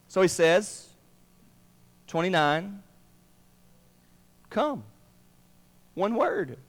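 A male pastor preaching a sermon, swinging between emphatic lines and hushed, drawn-out words. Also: on the high side, lively intonation. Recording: long reverb of a large room.

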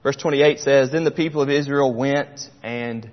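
A middle-aged man preaching a sermon, passionate, swinging between loud and hushed near-whispers. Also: mid-range voice, steady tone, normal speed, few pauses. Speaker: pastor. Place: church sanctuary. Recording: dull sound with long hall reverb.

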